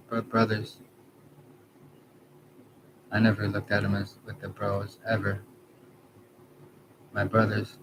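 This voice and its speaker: A man in his thirties from Canada, talking in a halting, rambling personal monologue, trailing off and correcting himself. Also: fairly low pitch, rough recording. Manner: halting, trails off, many restarts and self-corrections. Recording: background noise.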